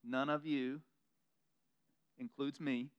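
A pastor preaching a sermon in a conversational, self-deprecating way, slipping into mocking quoted asides. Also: male voice, medium pitch, fairly even intonation, slow, clean tone, muffled recording.

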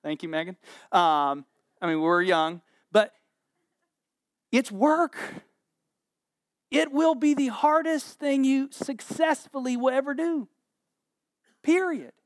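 A man's voice: very high voice, slow pace, long pauses, no room sound, studio quality. A man in his forties preaching a sermon, telling scripture stories with humor and acted-out voices. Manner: animated, joking storyteller with acted-out voices. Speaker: pastor.

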